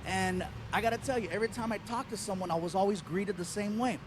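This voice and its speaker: A man with a very high voice performs a stand-up set on a theater stage, animated and playful as he tells his stories. He speaks into a handheld mic, with a faint hum underneath. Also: fast. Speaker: stand-up comedian. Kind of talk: stand-up comedy routine. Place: theater stage before an audience.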